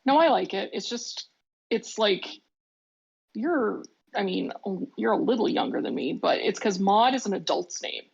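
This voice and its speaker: Husky woman on a lo-fi call. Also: medium pitch, expressive, moderate pace. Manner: insistent, matter-of-fact. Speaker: guest, the host's mother. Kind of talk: casual chat. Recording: dull lo-fi remote call audio.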